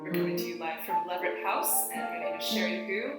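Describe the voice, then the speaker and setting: A young woman with a fairly low voice hosts in an upbeat, chatty tone. She sounds distant in a very echoey room, with loud music behind her. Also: steady tone, quick pace. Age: about 20. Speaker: co-host. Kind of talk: casual podcast chat. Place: college house room.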